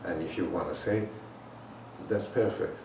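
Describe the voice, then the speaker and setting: Man, meditation teacher, slow deliberate intoning, distant mic, faint background noise. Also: low-pitched, vocal fry. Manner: slow, deliberate, drawn-out intoning with long pauses. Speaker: healing teacher. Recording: roomy echo, voice far from the mic, faint noise.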